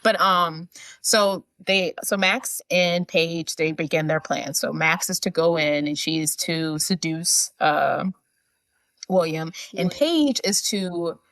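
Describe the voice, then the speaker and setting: Low-voiced woman recapping a movie plot. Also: takes it slowly, a bit bright, no room sound. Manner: rambling plot narration with fillers. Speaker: podcast co-host. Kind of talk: casual movie recap chat.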